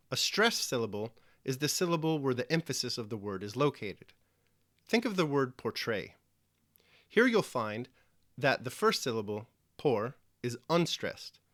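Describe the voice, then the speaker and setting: A man narrating a scripted lesson clearly, explaining step by step with dry little asides. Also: medium pitch, fairly bright tone, no room sound. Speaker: teacher.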